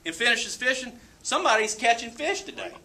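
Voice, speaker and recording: A man putting on his calm, tough country father, speaking in a slow, steady drawl. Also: very high voice, exaggerated voice. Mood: reassuring.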